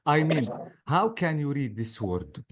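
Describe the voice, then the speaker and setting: A man's voice: a little high, big pitch swings, a little slow. A male English teacher giving an online class lecture, patiently drilling words syllable by syllable.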